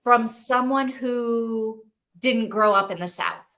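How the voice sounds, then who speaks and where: A woman's voice: on the high side, takes it slowly, fairly bright tone. A young woman co-hosting a book club stream, chatting casually and laughing easily.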